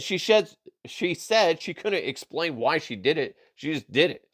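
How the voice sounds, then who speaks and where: A man's voice: fairly high pitch, expressive, normal speed, a bit bright. Guy doing a swear-heavy comedy podcast, just riffing on weird news and laughing at himself. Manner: profane, laughing, riffs into silly voices. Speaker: podcast host. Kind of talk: casual comedic news chat.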